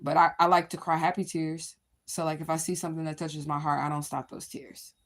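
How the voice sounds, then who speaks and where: A low-pitched woman talks fast in a level tone while hosting a livestream. Her chat with viewers is casual, candid, and rambling; she addresses them directly and swears freely.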